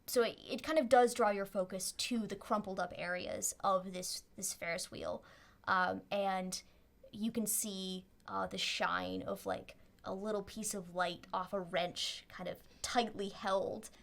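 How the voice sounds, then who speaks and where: A woman's voice: medium pitch, steady tone, unhurried, gravelly. A woman narrating a tabletop game as game master in a rambling, hesitant way, with frequent ums and laughs.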